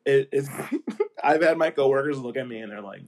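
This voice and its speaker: A man's voice: mid-range voice, lively intonation, moderate pace, a little mellow. A man hosting his own podcast, chatting casually and animatedly, laughing often and slipping into playful voices, sounding a little sniffly. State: sniffly, a bit congested. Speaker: podcast host. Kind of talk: casual chat.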